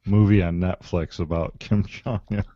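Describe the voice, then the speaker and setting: A man's voice: sits low, fairly even intonation, moderate pace, mellow, no echo, dull audio. A man on a podcast panel, talking hesitantly and thinking aloud in casual chat.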